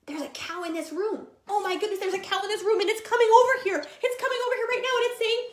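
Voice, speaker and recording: Woman, children's song leader, playful, animated, very high voice, roomy sound. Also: fast talker, few pauses, background noise. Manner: animated, playful, talks to small kids. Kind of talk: lively children's service with guitar. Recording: roomy, with loud guitar.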